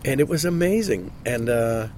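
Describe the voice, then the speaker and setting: A man in his sixties, a voice actor speaking in a casual interview, halting and often repeating his words. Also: mid-range voice, lively intonation, a little mellow, slight background noise. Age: 60s. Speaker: voice actor guest.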